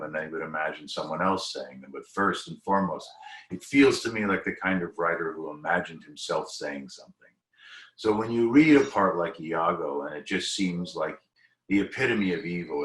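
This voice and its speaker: Man, very deep voice, thoughtful rambling talk, echoey room, video call. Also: fairly bright tone. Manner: thoughtful, rambling with restarts and asides. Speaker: actor guest. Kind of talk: reflective panel discussion.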